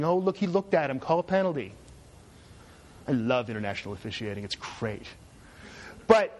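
A middle-aged male professor lecturing a class, his voice sitting a little high for a man. He talks in a dry, sarcastic way and slips jokes into his points. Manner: sarcastic, joking asides. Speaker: university lecturer.

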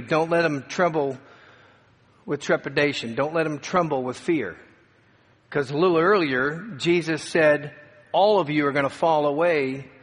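Man, pastor, sermon, dramatic slowed emphasis, fairly high voice, long hall reverb. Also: a bit bright. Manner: dramatic preaching with slowed emphatic phrases and rising peaks.

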